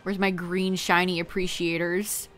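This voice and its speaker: Woman streamer chatting slow and easy w/ her chat, laughs a lot, faint music under it. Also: lowish voice, level tone, fairly bright tone. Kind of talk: casual live-stream chat.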